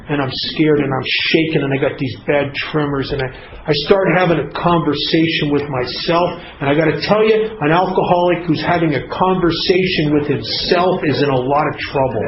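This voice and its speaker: A man telling his own recovery story to a group, in an earnest, confessional way. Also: on the high side. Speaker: recovery speaker. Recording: echoey, muffled, noisy hall recording.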